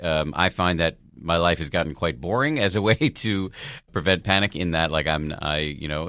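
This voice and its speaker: A man's voice: low voice, a bit bright, no room sound, clean studio sound. A man hosting a podcast, answering a listener's question in a thoughtful, self-deprecating way. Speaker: podcast host.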